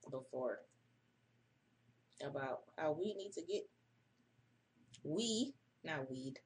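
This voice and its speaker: A woman's voice: low voice, darkish tone. A woman hosting a casual early-morning livestream, profane and chatty, reading an article aloud and breaking off for her own asides. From United States. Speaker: livestream host.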